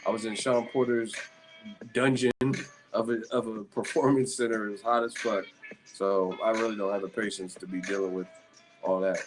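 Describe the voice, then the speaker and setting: A boxing channel host streams live from a Las Vegas hotel room with music playing behind him. His lowish voice keeps fairly even intonation at normal speed as he rambles and curses through tired, casual banter with viewers.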